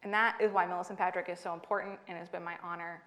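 A young adult woman author giving a book talk to an audience, lively and laughing through her stories. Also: fairly low pitch, fast talker. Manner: animated storyteller, laughing through anecdotes.

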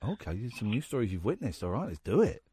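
A man hosting a radio phone-in, teasing a caller and quick to laugh. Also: lowish voice, sing-song, dark tone, breathy edge, dry recording, studio quality. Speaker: radio host. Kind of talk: phone-in banter. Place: radio studio.

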